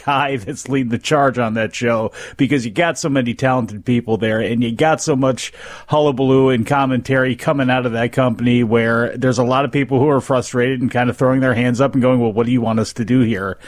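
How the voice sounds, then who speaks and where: A man's voice: medium pitch, no echo, studio quality. A man co-hosting a talk radio show, wry and teasing as he argues his point.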